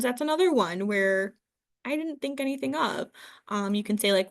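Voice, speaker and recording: A woman's voice: mid-range voice, moderate pace. A young woman giving a casual training talk on behavior support, chatty and loose, with many ums and likes.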